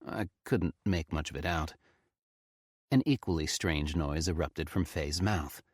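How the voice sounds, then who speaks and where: A man reading a horror story aloud with expressive, tense storytelling. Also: a bass voice, measured pace, breathy edge, dry recording, studio quality. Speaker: audiobook narrator. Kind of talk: scripted horror narration.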